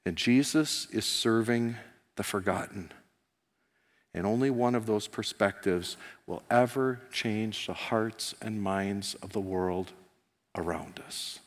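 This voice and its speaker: Preacher in a reverberant church hall. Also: male voice, takes it slowly. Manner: animated storytelling, voicing characters with rising pitch and volume. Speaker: pastor. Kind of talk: sermon.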